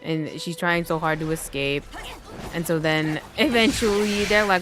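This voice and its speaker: A woman's voice: fairly low pitch, measured pace, over music. A woman gaming streamer casually retelling a game's story, rambling with many fillers and slipping into the characters' voices. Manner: rambling, filler-heavy, uses "like" constantly; slips into quoted voices of characters.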